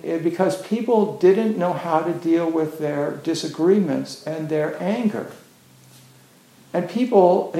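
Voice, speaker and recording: A man gives a loose, conversational Zen dharma talk, circling back with "you know" at every turn. His voice sits a bit high and has a gravelly fry. The sound is roomy with noticeable echo. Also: a little mellow. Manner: casual, rambling, many "you know" fillers. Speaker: Zen teacher.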